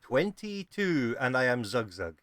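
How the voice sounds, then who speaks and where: A man playing a tabletop game, speaking hesitantly with frequent pauses and fillers. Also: medium pitch, sing-song, a bit bright, a little hiss or hum. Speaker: player.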